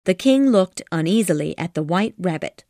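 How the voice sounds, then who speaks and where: A woman narrating an abridged classic storybook audiobook in a calm, measured reading. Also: fairly low pitch, no room sound, studio quality.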